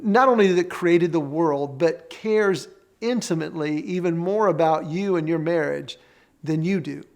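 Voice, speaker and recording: A man's voice: a little high, vocal fry. A man presenting a faith-based marriage teaching session, earnest and conversational, telling stories and leading the audience through exercises.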